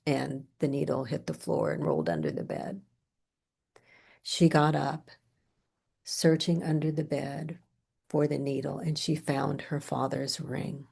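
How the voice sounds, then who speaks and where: A middle-aged woman therapist lectures on grief, weaving in client stories at a very slow, unhurried pace. Her voice sits slightly low with a noticeable gravelly fry. She often softens almost to a whisper. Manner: soft-spoken, unhurried storytelling, drops to near whispers. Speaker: grief therapist presenting a training.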